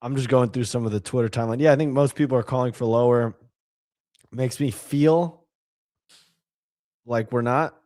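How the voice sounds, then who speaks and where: A man's voice: mid-range voice, normal speed, long pauses, no room sound, studio quality. A man co-hosting a podcast, talking casually and animatedly, with lots of fillers. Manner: animated, filler-heavy, reads tweets aloud. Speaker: podcast co-host. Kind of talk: casual chat.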